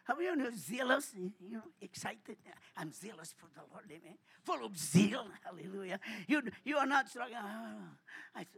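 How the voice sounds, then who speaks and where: Male pastor, gravelly and husky, preaching and shouting hallelujahs between phrases. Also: high voice, very animated, fairly quick. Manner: swings from hushed asides to shouted exhortation. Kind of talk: sermon. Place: church.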